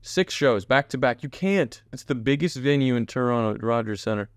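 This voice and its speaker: A man's voice: mid-range voice, expressive, moderate pace, no echo, studio quality. A man hosting a casual solo podcast, chatting in a rambling way, jumping between tangents and talking straight to his viewers. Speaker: podcast host.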